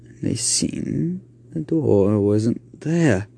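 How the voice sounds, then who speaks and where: Raspy guy slowly telling a spooky story, lots of pitch swings, dry close sound. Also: animated, mellow, no echo. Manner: halting, with slips and restarts. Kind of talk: improvised spoken horror story.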